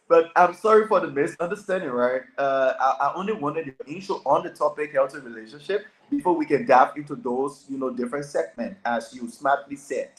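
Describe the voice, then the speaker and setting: A man's voice: a little high, brisk, few pauses, faint music behind, rough recording. A man hosting an online panel discussion over a remote call, speaking politely with apologetic, hesitant restarts. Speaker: show host. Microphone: remote streaming call.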